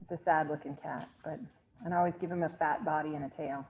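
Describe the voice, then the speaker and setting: A woman's voice: sits low, steady tone, quick pace, darkish tone. Chatty woman teaching over a video call. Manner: chatty, asks the class questions and answers them herself. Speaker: chemistry instructor. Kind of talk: online class lecture. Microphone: computer mic on a video call. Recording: slightly dull, lo-fi video-call audio.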